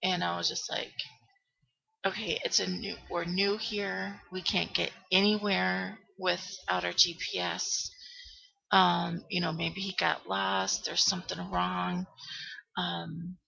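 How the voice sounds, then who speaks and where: Gravelly woman telling a tense story. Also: on the low side, level tone, bright, forceful tone, highs cut off. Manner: halting, full of ums and restarts, anxious retelling. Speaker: vlogger telling a personal story. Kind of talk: emotional personal storytelling to camera.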